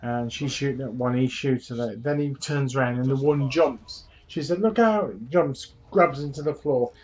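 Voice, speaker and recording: A man's voice: medium pitch, fairly even intonation, normal speed, a little mellow. Chatty man on a dull lo-fi mic. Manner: chatty, rambling retelling with many fillers. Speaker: gaming channel host. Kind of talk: casual trailer recap.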